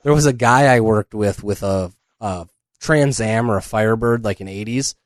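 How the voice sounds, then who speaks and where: A man's voice: fairly low pitch, normal speed, no room sound, studio quality. A man co-hosting a podcast, telling a rambling story in casual chat. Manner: rambling storyteller, breaks into laughter. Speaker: podcast co-host.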